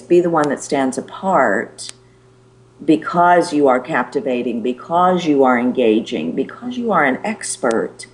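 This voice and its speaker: A middle-aged woman, a presentation skills coach, giving animated and emphatic advice as a guest on a show. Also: very deep voice. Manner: animated, emphatic, demonstrates pace with her voice.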